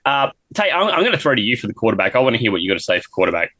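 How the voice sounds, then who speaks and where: A man's voice: medium pitch, sing-song, very fast, pushed and bright, no room sound. An Australian man co-hosting a sports podcast, bantering with jokes and profanity. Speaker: podcast co-host. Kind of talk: casual sports chat.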